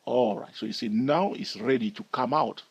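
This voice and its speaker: A man's voice: mid-range voice, normal speed, husky, no echo. A man teaching trading over a chart, explaining step by step and often checking in with "all right?". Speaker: trading educator.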